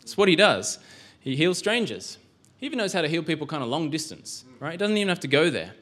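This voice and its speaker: A man's voice: on the high side, very animated, fast talker, a bit bright. A male pastor giving a sermon in a church, conversational, with rhetorical questions and frequent restarts.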